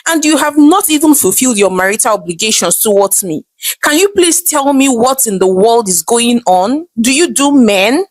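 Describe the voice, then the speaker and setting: A woman's voice: a little high, lively intonation, moderate pace, no room sound. A woman voicing a bitter young wife who is fed up with her marriage. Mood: frustrated.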